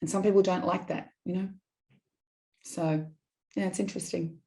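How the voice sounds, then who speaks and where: A middle-aged woman, a podcast guest, telling personal stories in an animated, digressive way and acting out quoted dialogue. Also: on the low side, normal speed, gravelly. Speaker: guest, business consultant. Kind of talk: candid personal storytelling in a podcast interview.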